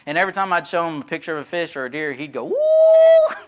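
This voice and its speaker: A man's voice: fairly high pitch, racing, heavy background noise. A man, a preacher telling stories in a folksy, conversational sermon. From Texas. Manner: folksy, conversational, acts out quoted voices. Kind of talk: sermon with storytelling.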